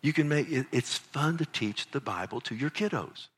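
Lively pastor preaching. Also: male voice, medium pitch, moderate pace, husky. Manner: animated, rhetorical questions, acts out child's voice. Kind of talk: sermon. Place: church sanctuary.

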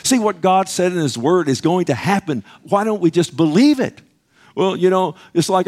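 A man's voice: high voice, animated, moderate pace, darkish tone. A man preaching a sermon, emphatic and conversational, often asking the congregation "Amen?" and acting out little dialogues.

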